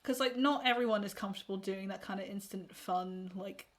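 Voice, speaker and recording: A woman's voice: mid-range voice, brisk. A woman co-hosting a podcast in casual chat, frank and advice-giving, laughing often. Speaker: podcast co-host.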